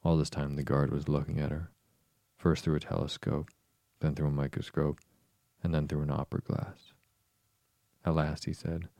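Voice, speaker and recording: A man reading a storybook aloud slowly and softly to lull listeners to sleep. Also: very deep voice, vocal fry, no room sound. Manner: slow, soft, soothing reading. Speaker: podcast host, bedtime reader.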